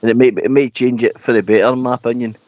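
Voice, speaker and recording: A man's voice: mid-range voice, level tone, very fast, darkish tone, slight background noise. A man calling into a radio show, giving strong opinions and saying mate often. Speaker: caller. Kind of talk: casual radio phone-in chat. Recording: dry lo-fi phone-in audio.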